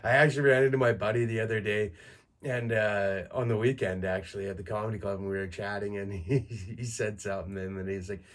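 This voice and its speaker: A man in his thirties from Canada hosts a podcast alone, talking through crude, self-mocking stories. His voice sits a little low, and he keeps breaking into laughter partway through lines. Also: fairly even intonation, brisk. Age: 30s. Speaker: podcast host. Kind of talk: casual monologue.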